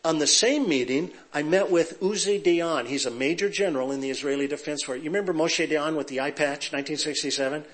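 A middle-aged pastor from Southern California jokes and tells stories to his congregation in a sermon full of humorous anecdotes. His voice is a little high and brisk, with hardly any pauses, and he's a lively storyteller who banters with the audience.

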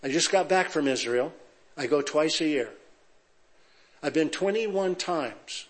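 Man, pastor, middle-aged, from Southern California, joking sermon, fairly high voice. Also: unhurried. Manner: lively storyteller, joking with the audience. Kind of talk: sermon with humorous anecdotes.

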